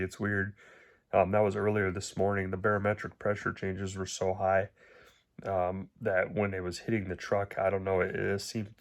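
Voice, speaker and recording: Low, flat-voiced man, voice nearly breaking. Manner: halting, emotional, voice nearly breaking. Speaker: vlogger. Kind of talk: personal video update.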